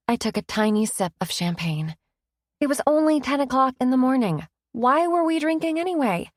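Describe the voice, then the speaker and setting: A woman narrating a romance audiobook in first person, with a wry, expressive manner, close to the mic. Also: a little high, moderate pace, no echo.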